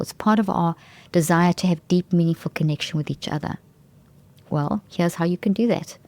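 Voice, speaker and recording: A woman's voice: fairly low pitch, a little mellow, no room sound. A woman hosting a talk show, explaining brain science in an enthusiastic, emphatic way and often restarting phrases mid-sentence. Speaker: podcast host.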